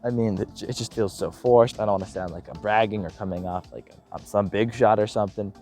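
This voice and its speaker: Self-deprecating young man with a low voice. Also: a little fast, faint music behind. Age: young adult. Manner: animated storyteller, self-deprecating, acts out quotes. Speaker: missionary in training. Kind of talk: casual vlog update.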